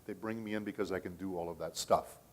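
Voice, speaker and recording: Chatty low-voiced man at a panel. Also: fairly even intonation, quick pace, a little hiss or hum. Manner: storytelling, chatty, checks in with the audience with "okay?". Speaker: voice actor and convention panelist. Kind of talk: casual panel talk. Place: convention panel room.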